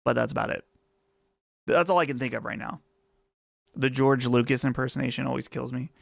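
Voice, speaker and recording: A man's voice: mid-range voice, a little fast, vocal fry, a bit bright, no echo. A man with a Western Pennsylvania accent hosting a casual live chat stream, chatty and rambling on a close mic. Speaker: livestream host.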